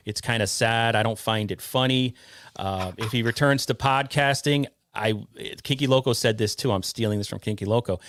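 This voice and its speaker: A man hosting a casual podcast, reading out chat comments in a halting, rambling way. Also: medium pitch, a bit bright, no echo, studio quality. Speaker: podcast host.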